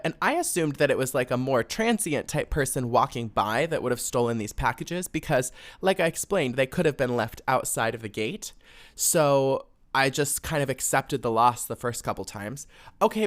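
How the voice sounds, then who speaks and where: A man's voice: mid-range voice, a bit bright. A young man hosting a solo podcast, ranting in a loose, rambling way and swearing freely. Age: young adult. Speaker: podcast host. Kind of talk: casual solo podcast rant.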